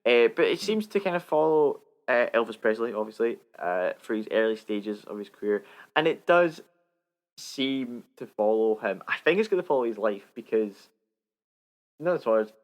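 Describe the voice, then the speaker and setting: A man's voice: mid-range voice, big pitch swings, normal speed. Male podcast co-host, casual film chat, rambling and hesitant delivery. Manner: rambling, hesitant, full of fillers. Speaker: podcast co-host reading the news segment.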